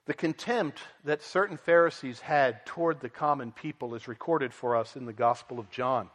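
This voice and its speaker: A man's voice: mid-range voice, normal speed, fairly bright tone, in a large hall. A man preaching an earnest expository sermon, at times voicing the people in the story with dramatic emphasis. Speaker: pastor.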